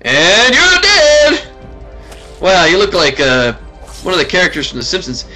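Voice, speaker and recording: A man in his thirties giving casual let's-play commentary, excitable and talking back to the game. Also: a little high, a little fast, soft background music. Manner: excitable, talks to the game, frequent laughs and exclamations. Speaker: gaming video host.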